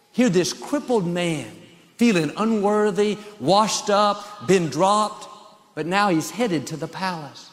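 A man's voice: sits high, slow pace, big-room sound. A male pastor preaching a sermon with an emphatic, repetitive cadence.

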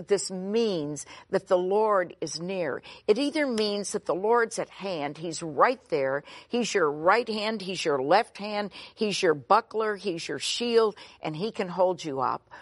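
Earnest woman teaching scripture, low and dry. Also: no echo. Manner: earnest, emphatic, repeats key phrases. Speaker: Bible teacher. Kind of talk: sermon-style Bible teaching.

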